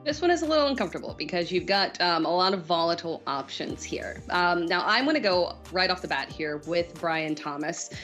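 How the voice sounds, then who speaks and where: A woman's voice: on the low side, expressive, a little fast, hardly any pauses, fairly bright tone, soft background music. A woman giving confident fantasy football advice in a conversational way. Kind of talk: conversational sports analysis.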